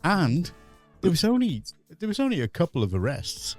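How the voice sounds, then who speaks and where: A man's voice: on the high side, huge pitch swings, normal speed, soft background music. A man hosting a casual satirical chat show, ranting and sarcastic and laughing often. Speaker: pub landlord host. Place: online show.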